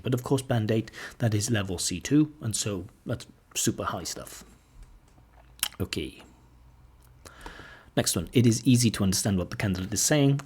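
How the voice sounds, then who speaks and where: A man teaching an exam speaking lesson in a relaxed, self-deprecating way, modelling example sentences. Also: medium pitch, breathy edge. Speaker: IELTS examiner and teacher. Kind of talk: casual video lesson.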